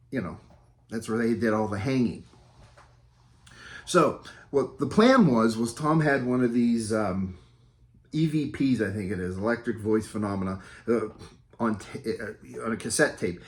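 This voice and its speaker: A man telling a casual anecdote as a tribute, animated and rambling, with many fillers and self-corrections and an easy, self-amused humor. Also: mid-range voice. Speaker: storyteller giving a recorded tribute.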